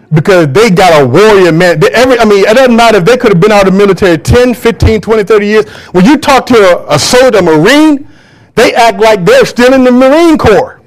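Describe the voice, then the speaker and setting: A man preaching a sermon to a church congregation, emphatic and drawing call-and-response from the crowd. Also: high voice. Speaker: pastor.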